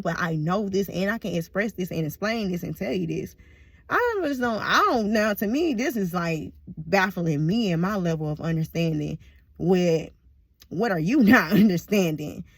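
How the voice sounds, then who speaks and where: A woman's voice: medium pitch, normal speed, breathy edge, dry recording. A woman talking to camera in a rambling, casual monologue, swearing freely and laughing often. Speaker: vlogger.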